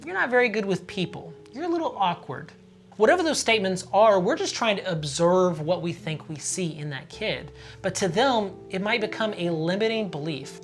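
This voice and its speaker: A man, a father of daughters, talks earnestly about raising children, steady and sincere in his delivery. He now and then slips into short quoted phrases, acting them out. Soft music plays faintly behind him. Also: high-pitched. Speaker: parenting channel host, father of daughters. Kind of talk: earnest advice talk to camera.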